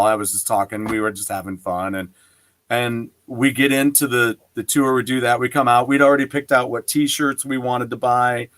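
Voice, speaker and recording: A man hosting an interview show, telling a long anecdote in casual chat and acting out the dialogue he quotes. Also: mid-range voice. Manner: lively storyteller who acts out quoted dialogue.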